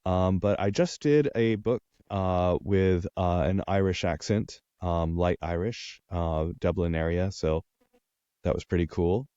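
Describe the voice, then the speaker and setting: A man's voice: sits low, unhurried, mellow, clean tone, no echo, highs cut off. A man, an audiobook narrator from Texas, chatting in an interview with many ums and uhs. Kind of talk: casual interview chat.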